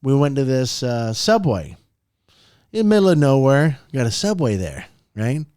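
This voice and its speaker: Animated man with a lively, swooping voice. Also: moderate pace, dry recording, clean studio sound. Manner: animated, swoops pitch up and down for emphasis; storytelling, laughs often. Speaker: podcast host. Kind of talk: motivational podcast talk.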